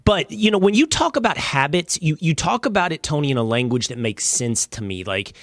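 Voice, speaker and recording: A man hosting an interview show, talking in a halting way with many restarts. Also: on the high side, lively intonation, no room sound, studio quality. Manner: halting, lots of restarts and fillers. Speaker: host. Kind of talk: interview conversation.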